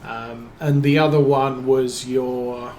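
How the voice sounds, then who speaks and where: A man tells a meandering story while he plays, trailing off into fillers and restarting his sentences. He talks slowly, and his voice echoes in a roomy space over a faint hum. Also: medium pitch, fairly even intonation, darkish tone. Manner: rambling, hesitant, many fillers and restarts. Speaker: streamer. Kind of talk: casual storytelling while playing a farming game.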